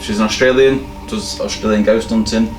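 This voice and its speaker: A man's voice: fairly low pitch, fairly even intonation, a little fast, echoey room, music in the background. A man co-hosting a paranormal podcast, chatting casually and joking, often trailing off and repeating himself. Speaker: podcast co-host. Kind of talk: casual chat.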